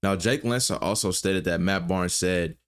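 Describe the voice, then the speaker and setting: Low-voiced man narrating a recap. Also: normal speed, smooth. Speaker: YouTube commentary host. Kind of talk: read-out news recap.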